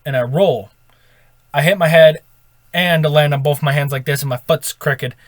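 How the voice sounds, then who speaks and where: A man's voice: a little high, normal speed, dry recording. A man telling a true story from his life in a casual vlog, rambling along with self-corrections and "right?" tag questions. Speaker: storytime vlogger.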